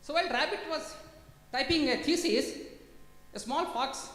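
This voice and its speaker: A woman's voice: high voice, moderate pace, fairly bright tone, faint music behind. A woman with an Indian English accent giving a talk to placement officers, often quizzing the audience and calling them sir. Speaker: industry guest speaker. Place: large conference hall. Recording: echoey hall with long reverb.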